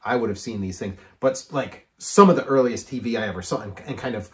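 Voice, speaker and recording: A man's voice: lowish voice, brisk. A middle-aged man hosting a podcast in casual chat, rambling with frequent restarts. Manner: rambling, restarts, many fillers. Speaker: podcast host.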